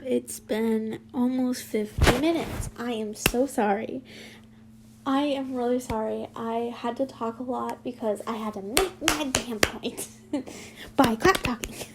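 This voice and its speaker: A woman's voice: on the high side, noisy background. A woman reading fan fiction aloud, breaking off into casual, sweary asides.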